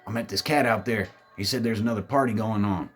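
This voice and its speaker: A man's voice: on the low side, fast, fairly bright tone, husky, faint music behind. A man telling a spooky party story in a laid-back, drawling, heavily profane way, acting out his friends' lines. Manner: laid-back, drawling, swears a lot, acts out quoted friends.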